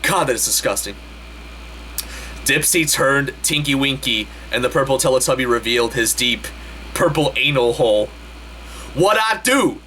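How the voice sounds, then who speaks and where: A man hosting a comedic dramatic reading, deadpan and slow, with exasperated asides. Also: mid-range voice, slight background noise. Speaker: host.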